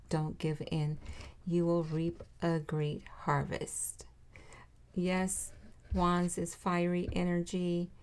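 A woman reading tarot cards for her viewers, her voice mellow and fairly low. She takes her time, speaking slowly and repeating encouragement straight to the listener. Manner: encouraging, repeats reassurances, addresses viewer directly. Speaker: tarot reader.

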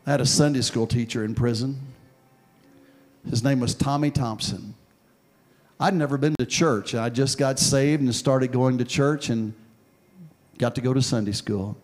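A man preaching a sermon and telling a story from his own past, dropping soft and low, then building to loud, forceful preaching. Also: moderate pace, pauses often. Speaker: pastor. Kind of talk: sermon with personal testimony.

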